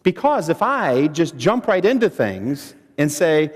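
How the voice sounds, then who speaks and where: A male seminar presenter with a high voice that rises and falls dramatically. He quizzes his audience and leans on pauses. His voice carries a long reverb in a meeting hall. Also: sing-song. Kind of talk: training seminar talk to an audience.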